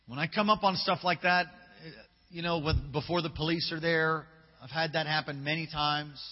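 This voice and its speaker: A man's voice: a little high, steady tone, moderate pace. A male pastor preaching a sermon, telling stories emphatically and casually, acting out the dialogue. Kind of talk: sermon with storytelling. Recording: long reverb, dull lo-fi hall recording.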